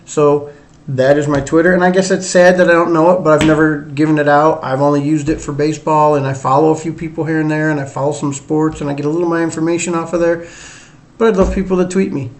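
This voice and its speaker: A man's voice: fairly high pitch, little pitch movement, fast, a little hiss or hum. Chatty middle-aged man with Northern-Southern drawl. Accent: mix of Northern US and Southern US drawl. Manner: rambling, chatty, many fillers and self-deprecating asides. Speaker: sports podcast host. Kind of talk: casual solo sports talk.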